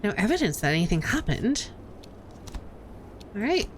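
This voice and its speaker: A woman's voice: mid-range voice, big pitch swings, normal speed, a little hiss or hum. A young woman streamer, chatty, reading game text aloud and talking to viewers. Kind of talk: casual game playthrough narration.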